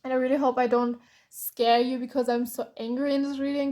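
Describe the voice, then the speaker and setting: Tired german woman doing a tarot reading, kinda high voice, sighs and restarts a lot. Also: flat delivery, brisk, warm tone. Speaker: tarot reader.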